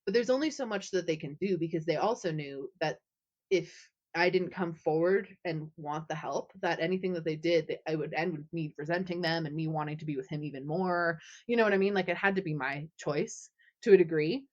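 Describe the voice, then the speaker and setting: A woman's voice: low-pitched, a little fast. Chatty woman telling a story, lo-fi. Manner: animated, heavy use of "like". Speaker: guest author. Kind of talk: casual podcast storytelling.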